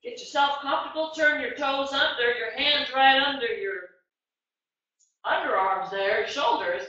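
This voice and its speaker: Bright-voiced woman guiding kids' yoga. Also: sits high, moderate pace. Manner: encouraging, coaxing instructions to children. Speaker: kids yoga teacher. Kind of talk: online kids yoga class. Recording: muffled echoey room.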